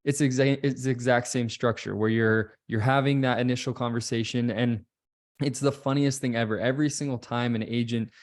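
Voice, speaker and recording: A man hosting an interview as a real estate coach over a video call, enthusiastic and quick with affirmations. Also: mid-range voice, steady tone. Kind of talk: conversational interview.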